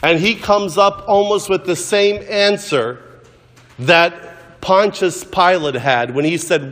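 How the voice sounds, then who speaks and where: A man preaches in a slightly high voice and takes his time over every phrase. He moves between storytelling and recitation with a measured, deliberate delivery. His voice rings out with the long reverb of a large church. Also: lively intonation, fairly bright tone. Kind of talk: sermon.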